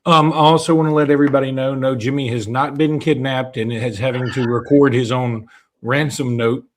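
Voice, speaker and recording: A man's voice: medium pitch, fairly even intonation, brisk, slight background noise. A man from Alabama with a Southern American accent, co-hosting a casual sports talk show in a chatty, self-deprecating way. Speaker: co-host.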